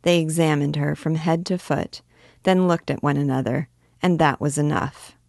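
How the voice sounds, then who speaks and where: A woman reading a classic novel aloud in a clear, measured storytelling voice. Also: low voice, steady tone, a little mellow, no room sound, studio quality. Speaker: literature teacher reading aloud.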